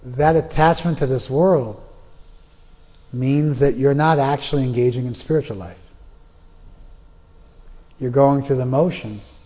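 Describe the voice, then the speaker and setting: In a classroom, a male spiritual teacher gives a scripture lecture: he chants verses, explains them simply, and tells stories using different voices. He speaks at a measured pace with frequent pauses, his mellow, mid-pitched voice carrying a big-room sound.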